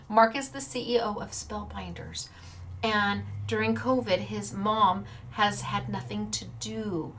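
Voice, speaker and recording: A woman's voice: mid-range voice, measured pace, a bit bright. A woman hosting a paper-crafting show, talking in a bubbly, chatty way, laughing often and acting out little quotes. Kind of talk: casual chatty livestream.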